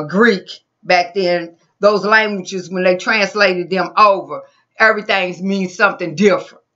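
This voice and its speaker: A woman's voice: medium pitch, pushed and bright, highs cut off. A woman preacher giving an informal, rambling sermon into a computer mic, with frequent restarts and asides.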